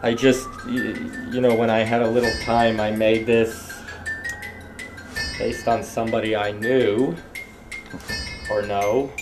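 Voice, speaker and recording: A man's voice: on the low side, little pitch movement, takes it slowly, long pauses, reverberant, far from the mic, over music. A man puppeteer in an interview, rambling through stories and acting out voices as he tells them. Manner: rambling, acts out voices in anecdotes.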